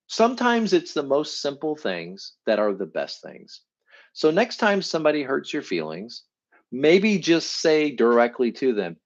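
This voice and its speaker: A middle-aged man giving a live teaching talk as a coach, animated and acting out what people say in a higher voice. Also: normal speed, dull audio. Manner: animated, acts out quoted voices in a higher pitch. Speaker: enneagram coach.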